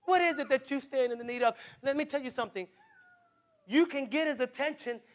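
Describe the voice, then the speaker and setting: A man preaching a sermon, repeating phrases in a rhythm and building from quiet lines to shouts, calling out to the congregation. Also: very high voice, brisk. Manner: calls on the congregation directly.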